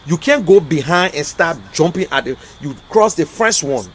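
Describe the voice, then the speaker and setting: A man's voice: on the high side, lively intonation, normal speed, a bit bright, husky. A man with a Liberian accent giving heated political talk on a livestream, emphatic and exasperated, repeating his points. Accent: Liberian English. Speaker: livestream commentator.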